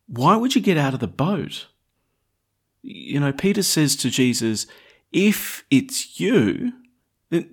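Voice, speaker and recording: Lively-voiced priest preaching a homily. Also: male voice, mid-range voice, husky. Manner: lively, conversational preaching with rising emphasis. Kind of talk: gospel reading and homily.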